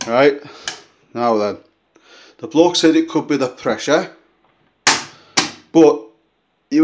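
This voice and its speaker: A man chatting casually on a vlog, rambling and restarting as he tells a story while filming his own flat. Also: fairly high pitch, a little hiss or hum. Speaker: vlogger.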